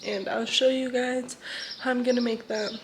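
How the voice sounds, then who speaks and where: Young woman, casual phone vlog, gravelly fry, flat delivery, candid, swears freely. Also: on the high side, normal speed, noisy background. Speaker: vlogger. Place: at home, then at a gym.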